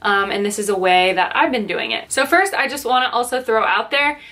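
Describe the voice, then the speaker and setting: A woman's voice: on the high side, brisk, fairly bright tone. Upbeat chatty young woman vlogging. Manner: chatty and upbeat, many fillers. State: slightly out of breath. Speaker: lifestyle vlogger. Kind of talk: casual vlog talk to camera. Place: her bedroom at home.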